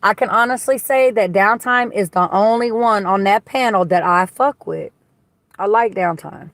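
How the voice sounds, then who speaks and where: At a moderate pace, a woman with a mid-range, slightly bright voice hosts a casual livestream on her phone in a car. She goes through viewer comments, chatting bluntly, gossiping and swearing freely, with no room sound.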